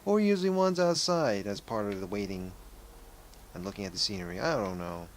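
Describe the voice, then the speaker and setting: A man's voice: lowish voice, expressive, brisk, slight background noise. Rambling young man narrating a game. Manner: rambling, self-correcting. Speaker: let's play gamer. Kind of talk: casual gameplay commentary.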